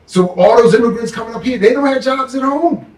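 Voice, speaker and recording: A man giving an impassioned panel talk as a guest professor, animated and emphatic, now and then mocking others in put-on voices. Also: extremely high pitch, a little fast. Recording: echoey room, mic at a distance.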